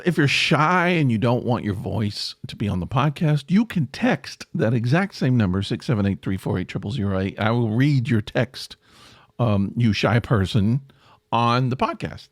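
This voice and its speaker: Middle-aged dude rambling on his podcast, swoopy lively voice, dry close mic. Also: dry recording. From American South. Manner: rambling, self-deprecating, jumps in pitch for emphasis. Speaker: podcast host. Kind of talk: casual solo podcast chat.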